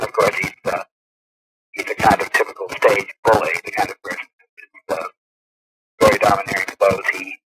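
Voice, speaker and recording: Middle-aged man, actor guest, low voice, measured and articulate, uh-filled pauses, noisy phone line on old radio. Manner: measured, articulate, frequent uhs. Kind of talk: phone interview. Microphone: telephone.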